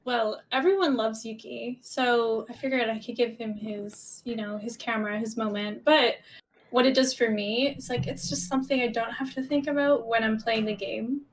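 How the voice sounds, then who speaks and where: A woman's voice: fairly high pitch, normal speed. A woman guest streamer chatting candidly and casually, laughing often and saying "like" a lot. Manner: relaxed, candid, giggly, lots of "like". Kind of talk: casual chat.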